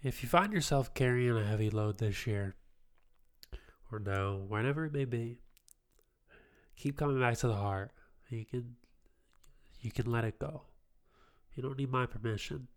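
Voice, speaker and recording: A man's voice: medium pitch, moderate pace, pauses often. A man in his twenties hosting a spiritual tarot podcast, talking in a reflective, affirming way with casual asides. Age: 20s. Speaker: podcast host, tarot reader.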